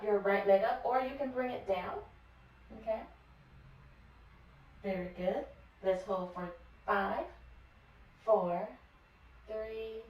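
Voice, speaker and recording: A woman leading a kids yoga class, guiding poses gently and praising often. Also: medium pitch. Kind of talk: guided yoga class for children. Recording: echoey room from far off with faint noise.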